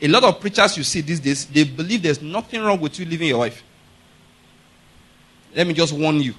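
Man preaching a sermon, high bright voice, keeps asking if u get his point, gets loud n emphatic. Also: animated, moderate pace. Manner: emphatic, repeats rhetorical questions to the congregation; rises to loud forceful preaching. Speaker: pastor.

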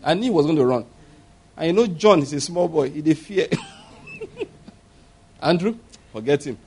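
A man's voice: fairly high pitch, animated, moderate pace, pauses often, a little mellow, breathy edge. A man preaching a sermon, emphatic and laughing often, acting out little voices as he talks. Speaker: pastor.

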